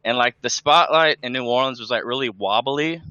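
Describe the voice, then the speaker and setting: A man's voice: medium pitch, moderate pace, bright, forceful tone, no echo, lo-fi sound. A man on a casual group voice call, eagerly telling a story full of "like" and "dude". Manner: chatty, eager storyteller, says "like" and "dude" a lot. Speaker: call participant, former stagehand.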